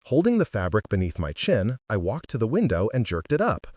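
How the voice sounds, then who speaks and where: A man narrating an audiobook in an animated, expressive way. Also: on the low side, a little fast, slightly rough, no room sound, studio quality. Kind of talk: scripted narration.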